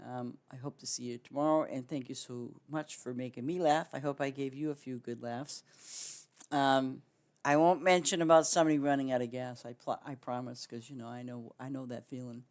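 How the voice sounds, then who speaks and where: Wrapping up her stream, a woman gamer chats loosely with viewers, full of fillers and restarts as she rambles. She speaks in a bass voice with a darkish tone.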